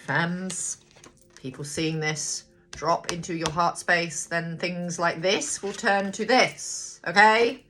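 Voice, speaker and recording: A chatty, blunt woman reads tarot cards aloud in a casual, unscripted way. Her fairly low voice swings widely in pitch as she muses and addresses viewers directly. A faint hiss sits under the recording. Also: expressive, slow pace, pushed and bright. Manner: chatty, blunt, swears freely; thinks aloud, talks to viewers. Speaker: tarot reader. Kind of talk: casual tarot card reading.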